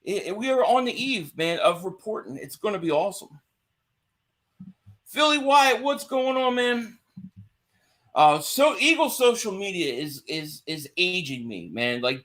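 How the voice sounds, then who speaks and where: A man's voice: high voice, a bit bright. A man hosting a casual livestream, chatting away and greeting viewers by name. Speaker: livestream host. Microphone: home streaming mic.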